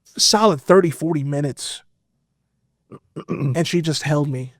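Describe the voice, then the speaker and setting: A man guest on a podcast, telling a personal story in a casual, animated way with lots of fillers. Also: a little high, slow, no room sound, clean studio sound. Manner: animated, expressive, full of fillers. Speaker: podcast guest, metal vocalist.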